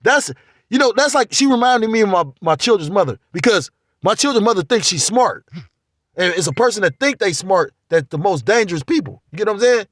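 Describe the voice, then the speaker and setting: A man with a high, animated voice rants casually to his viewers about faith and trust. His talk is profane and rambling, full of restarts. The sound is dry and close. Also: fairly quick, no room sound. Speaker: vlogger. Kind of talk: casual spiritual monologue.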